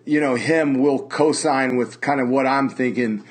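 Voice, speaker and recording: A man's voice: medium pitch, fairly even intonation, measured pace. Male podcast host and metal singer, swears a lot, circles back and restarts his sentences. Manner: rambling, profane, many fillers and restarts. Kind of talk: casual conversation. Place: lives in Las Vegas.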